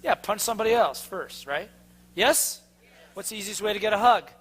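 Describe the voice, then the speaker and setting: A man's voice: sits high, expressive, moderate pace, fairly bright tone, husky. A man giving a live motivational sales seminar, emphatic and constantly quizzing the audience.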